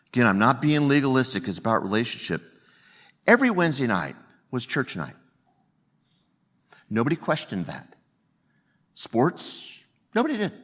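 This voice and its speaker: Lively, jokey male pastor preaching. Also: mid-range voice. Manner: jokey, self-deprecating, conversational. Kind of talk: sermon.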